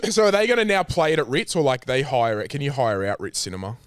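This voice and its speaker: A man's voice: mid-range voice, lively intonation, fast, clean tone, dry recording. A young man chatting on a podcast, asking short curious questions and slipping in dry jokes. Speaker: podcast co-host. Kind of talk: casual chat.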